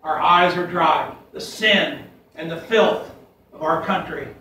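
A pastor preaches a fiery sermon slowly, in a high, bright voice, folksy and emphatic as he quotes scripture. He's recorded from a distance in a church sanctuary, with heavy echo and a faint hiss underneath.

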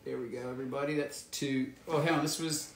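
A man's voice: mid-range voice, fairly even intonation, a little fast. Playful man in a roomy echo. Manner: playful, jokey, reads fan messages aloud. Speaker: actor signing autographs for fans. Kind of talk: casual live signing chat.

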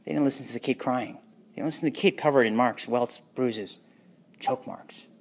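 A man's voice: mid-range voice, moderate pace. Anguished man in a raw monologue. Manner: anguished and bitter, swinging between hushed and intense. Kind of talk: emotional personal monologue.

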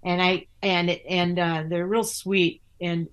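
A woman's voice: lowish voice, level tone, a little slow, clean tone. An older woman, a theatre actor and author, chatting in an interview and telling stories with many restarts. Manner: chatty storyteller with many restarts, acting out other voices. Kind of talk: casual interview chat.

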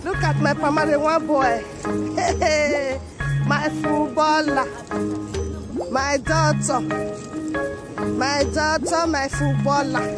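Mother, vlog; high, unhurried delivery, effusive praise and loud prayers. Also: fairly even intonation, loud music behind the voice. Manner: effusive, praises and prays aloud. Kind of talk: family vlog chatter.

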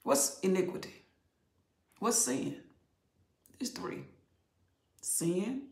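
An older woman giving animated Bible teaching in an expressive, conversational preaching manner, sometimes dropping to near whispers. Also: lowish voice, very slow, vocal fry. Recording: roomy echo.

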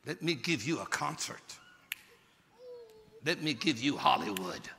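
A man preaching a sermon, retelling a story theatrically, swinging between shouted peaks and hushed lows. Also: animated, measured pace, creaky, slight background noise. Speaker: pastor. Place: large church sanctuary. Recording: long hall reverb from a church service.

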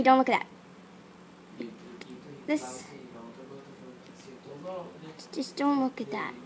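A young woman talking excitedly in a casual vlog, rambling with lots of fillers and restarts. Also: high voice. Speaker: YouTuber. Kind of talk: casual screen-recorded vlog.

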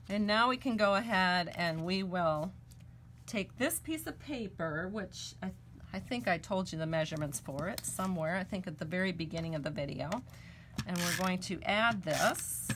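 A woman's voice: lowish voice, background noise. A woman hosting a live stamping and card-making demonstration at her crafting table. She talks in a chatty way and gushes over her work.

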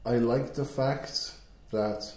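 Slow-talking man, easygoing co-host. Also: mid-range voice, fairly even intonation, a little mellow, reverberant. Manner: playful, rambling, slow and thoughtful. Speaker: podcast co-host. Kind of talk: casual chat.

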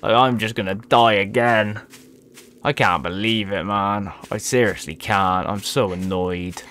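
A man's voice: fairly low pitch, steady tone, unhurried, fairly bright tone, slight background noise. A young man giving let's-play commentary to his viewers, frustrated and swearing often. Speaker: gaming video creator.

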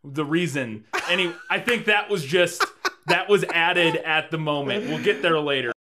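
A man with a bright, forceful voice chats casually about a bad film. He rambles, swears and laughs as he goes, and his voice sits a little high. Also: normal speed, a little hiss or hum. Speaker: podcast co-host. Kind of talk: casual movie review chat.

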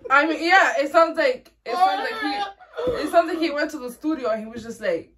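A woman's voice: high voice, lively intonation, brisk, noisy background. A young woman from Rhode Island hosting a music reaction chat, slangy and rambling with frequent restarts. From Rhode Island, USA. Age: young adult. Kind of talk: casual chat.

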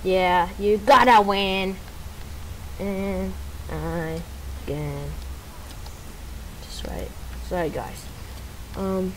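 A woman giving casual gameplay commentary while playing with a friend, bursting into loud exclamations between muttered asides. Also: medium pitch, very slow, long pauses, slight background noise, low-quality recording.

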